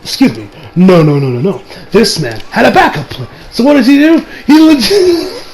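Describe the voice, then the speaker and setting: A man's voice: very high-pitched, very animated, moderate pace, a little mellow, poor audio. A man giving a casual episode recap as an anime reviewer, rambling, laughing and swearing as he goes.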